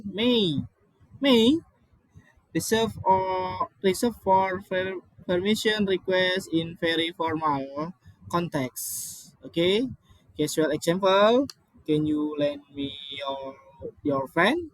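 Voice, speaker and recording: A man's voice: sits high, fairly bright tone, dry recording, low-quality recording. A man whose first language is not English, reading a grammar lesson from slides with many restarts and apologies.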